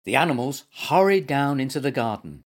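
Expressive storyteller man. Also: mid-range voice, a little fast. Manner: gentle, expressive. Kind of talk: children's story reading.

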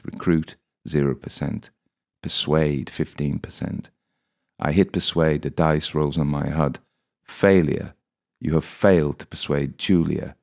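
Very deep, gravelly man to narrate a first-person audiobook with a dry wit. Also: darkish tone.

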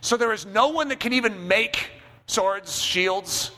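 A man's voice: high-pitched, measured pace, pushed and bright, long reverb tail. A man preaching a sermon, telling a personal story with self-mocking humor and checking in with the congregation. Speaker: pastor.

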